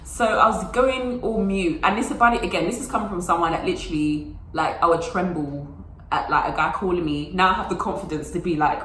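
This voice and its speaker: A woman's voice: on the low side, fairly quick, fairly bright tone, echoey room, a little hiss or hum, rough recording. A young woman telling a personal story to her phone camera in a casual, chatty way, full of fillers and acted-out quotes. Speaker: vlogger.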